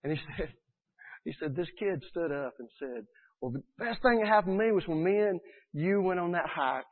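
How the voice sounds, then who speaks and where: An earnest man preaches a sermon, his voice sitting a little high. He is animated and acts out the people he quotes. The sound is thin and tinny, as if heard down a phone line. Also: moderate pace. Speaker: pastor.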